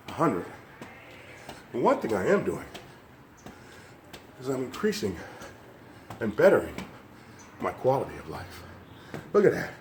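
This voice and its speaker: Winded older man, lively motivational talk. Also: on the low side, slight background noise. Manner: upbeat, coaxing, talks straight to viewers. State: slightly winded. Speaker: fitness vlogger. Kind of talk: motivational vlog while climbing stairs.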